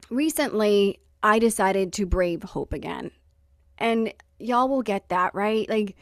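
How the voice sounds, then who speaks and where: A woman podcast host tells stories in a casual, wry chat, acting out quotes and laughing along in a lively way. Her medium-pitched voice is studio quality, with no echo.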